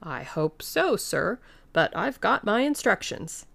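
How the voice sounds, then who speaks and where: A woman's voice: mid-range voice, very animated, slow, gravelly, fairly bright tone, voice pushed up, exaggerated voice. A woman voicing a stolid village constable who speaks bluntly and plainly in an audiobook reading. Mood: firm. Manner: blunt, rustic.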